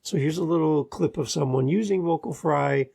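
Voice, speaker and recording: Male podcast host: husky, a bit gravelly, measured delivery with restarts, close mic. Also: fairly high pitch, warm tone. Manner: measured, with frequent restarts and fillers. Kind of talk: podcast advice monologue.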